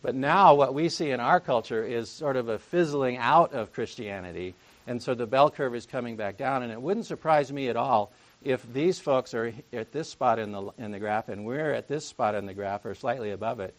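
A man's voice: medium pitch, fairly quick. A man preaching a conversational sermon, full of jokey asides and rhetorical questions to the congregation.

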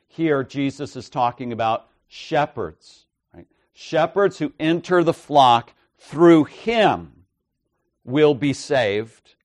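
A man preaching an expository sermon with measured, emphatic delivery, often checking in with "right?" and "okay?". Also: mid-range voice, no room sound, clean studio sound.

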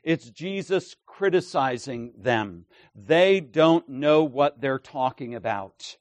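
A man's voice: mid-range voice, expressive, slow pace, hardly any pauses, no echo. A man preaching an expository sermon, emphatic, checking in with his listeners and acting out the quoted lines.

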